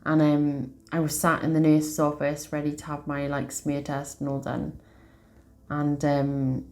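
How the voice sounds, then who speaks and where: Low-voiced woman telling her story. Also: monotone, measured pace, a little mellow. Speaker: tarot reader and channel host. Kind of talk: emotional personal storytelling to camera.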